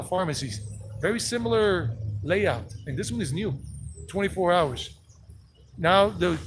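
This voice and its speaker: A man's voice: sits high, noisy background. A man with a Southern US accent, from South Carolina and Georgia, walking outdoors and chatting rambly through a street tour while greeting viewers. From South Carolina and Georgia, USA. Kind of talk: live-streamed walking tour narration. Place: outdoors on residential streets with passing traffic.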